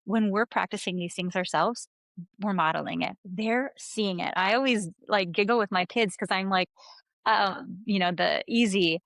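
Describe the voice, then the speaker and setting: Gentle-voiced woman counselor, dry sound. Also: medium pitch, normal speed, vocal fry, dry recording. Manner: gentle, soothing, earnest. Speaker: counselor guest. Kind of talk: conversational interview.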